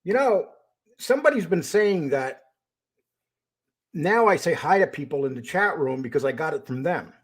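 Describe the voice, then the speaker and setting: Husky-voiced older man hosting a stream. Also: a little high, expressive, moderate pace, pauses often. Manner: greets viewers by name, then turns confrontational. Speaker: host of a live stream show. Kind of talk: casual live-stream talk.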